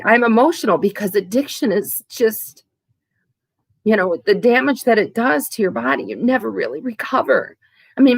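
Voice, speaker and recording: A woman vlogger speaking candidly and haltingly about her own recovery, with frequent restarts. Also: fairly low pitch, gravelly, dry recording. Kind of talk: candid, emotional to-camera talk.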